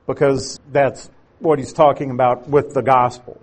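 A man's voice: medium pitch, normal speed, darkish tone, breathy edge. A man teaching through scripture in an expository sermon, patient and explanatory, leaning on key words to drive his points home. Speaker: Bible teacher.

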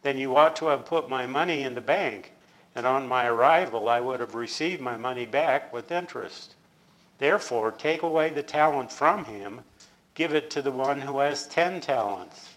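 A man reading scripture aloud, voicing a stern master who judges his servants in a slow, emphatic way. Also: medium pitch, a bit bright, close to an everyday voice, low-quality recording.

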